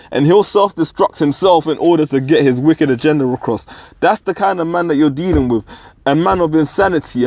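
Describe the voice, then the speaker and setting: A man delivers a swearing, ranting religious commentary, keeps dropping "man" into his sentences and laughs mid-sentence. His voice sits fairly high for a man. The sound is dry and close. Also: darkish tone, no room sound. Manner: profane, repeats "man" constantly. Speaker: online preacher.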